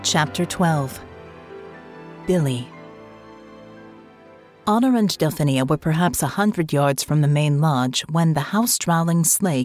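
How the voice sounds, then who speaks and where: A woman narrating an audiobook with expressive, scripted storytelling on a close studio mic. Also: sits low.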